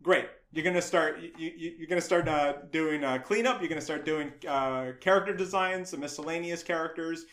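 A man's voice: fairly high pitch, a little fast, hardly any pauses, fairly bright tone, roomy sound. A middle-aged man from the United States, a guest animator on a podcast, telling a story with acted-out voices, frequent laughs and casual swearing.

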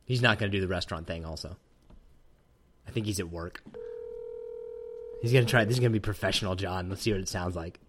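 A man's voice: deep voice, fast, long pauses, noisy background. A man hosting a podcast, chatting casually with dry, teasing humor. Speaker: podcast host. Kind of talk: casual chat.

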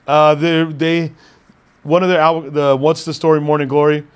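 A man's voice: on the high side, flat delivery, moderate pace, clean tone. A man chatting casually as a podcast co-host, laid-back, laughing often and swearing now and then. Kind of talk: casual chat.

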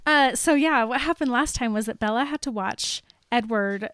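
Young woman cohosting a podcast, bubbly, laughs a lot, slightly high voice. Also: normal speed, fairly bright tone, clean tone, no echo, clean studio sound. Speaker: podcast co-host. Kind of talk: casual chat.

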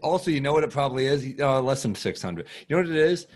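A man with a raspy voice, a comedian chatting casually as a podcast guest and trading quick banter about sports. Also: mid-range voice, expressive, a little mellow.

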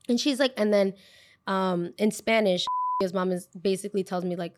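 A woman in her twenties, a podcast host, telling a story in a casual, animated way and acting out what people said. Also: medium pitch, fairly quick. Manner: animated, acts out quotes, lots of "like".

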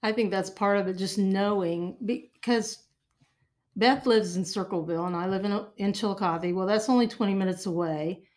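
A woman's voice: medium pitch, normal speed. An older woman guest talking in a chatty way, often repeating words as she thinks. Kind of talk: interview conversation.

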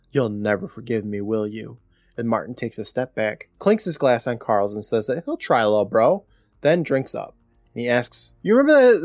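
A man's voice: medium pitch, dry recording, studio quality. A man co-hosting a podcast, recapping a TV episode in a casual, sarcastic, joking way. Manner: sarcastic, jokey storyteller. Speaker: podcast co-host.

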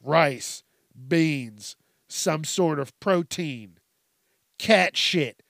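A man's voice: on the high side, animated, drawn-out words, creaky, fairly bright tone, no room sound, studio quality. A young man hosting a comedy podcast, ranting in a rambling, profane way and laughing at his own jokes. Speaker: podcast host.

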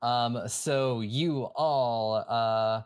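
A game master narrating a tabletop game scene, halting with many ums and uhs. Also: medium pitch, a little mellow, smooth.

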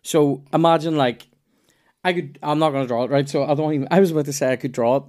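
A man's voice: on the high side, quick pace, darkish tone. A Northern Irish man telling loose, rambling stories in casual podcast chat, with restarts and swearing.

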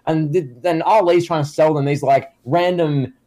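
Dude cohosting a silly chat, rambles a lot, says like constantly, trips over starts. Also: male voice, a little high, steady tone, warm tone. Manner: rambling, filler-heavy, halting starts. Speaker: co-host. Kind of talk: casual comedic chat.

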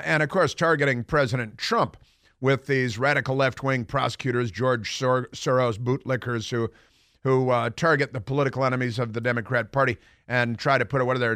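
A man's voice: medium pitch, fairly bright tone, no echo, clean studio sound. A man hosting a political talk radio show, delivering a combative, sarcastic, rambling monologue full of fillers.

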